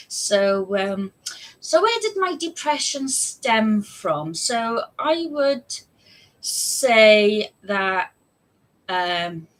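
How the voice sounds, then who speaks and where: A woman's voice: medium pitch, fairly bright tone, low-quality recording. A woman talking candidly on a live stream, chatty and rambling, with frequent laughs. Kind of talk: casual live stream chat.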